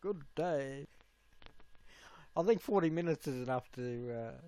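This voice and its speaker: Slow, giggly man live-streaming. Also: lively intonation, warm tone. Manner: giggly and playful, breaking into high squeals. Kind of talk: casual live-stream chat.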